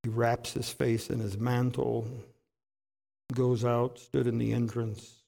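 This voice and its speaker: Slow, gravelly-voiced preacher man. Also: mid-range voice, level tone. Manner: dramatic, rhetorical questions, swings between loud bursts and hushed asides. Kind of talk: sermon.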